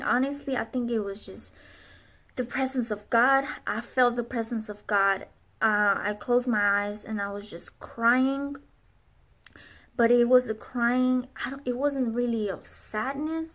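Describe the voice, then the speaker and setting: A woman's voice: a little high, unhurried, a bit bright. A young adult woman vlogger telling a personal faith testimony in an earnest, rambling way with many fillers.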